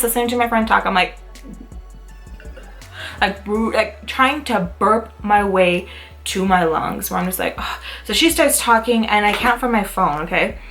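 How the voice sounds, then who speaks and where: A young adult woman vlogger telling a casual storytime, talking in quick bursts full of "like" and acting out what people said. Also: a little high. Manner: animated, full of "like" fillers, acts out quotes. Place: Utah, United States.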